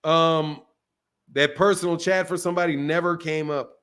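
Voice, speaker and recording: A man's voice: fairly high pitch, fairly even intonation, normal speed, a bit bright, clear, resonant tone. A man hosting a live stream, chatting casually with callers in a loose, profane, teasing way.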